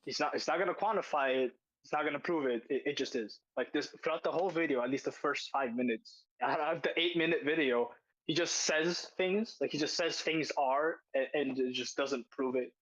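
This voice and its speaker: A man's voice: fairly high pitch, a little fast, a bit bright, no room sound, dull audio. Argumentative young-sounding man, dry mic. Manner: argumentative, emphatic, repeats phrases. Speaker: podcast host. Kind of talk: casual chat reacting to a video.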